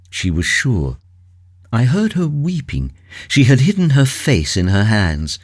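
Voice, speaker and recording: A man narrating a classic novel as an audiobook, measured, grave and dramatic in first person. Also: fairly low pitch, a little mellow.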